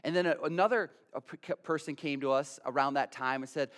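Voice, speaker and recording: A man preaching a sermon as a pastor, telling a story in an animated way and often stammering and repeating his words. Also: fairly high pitch, quick pace.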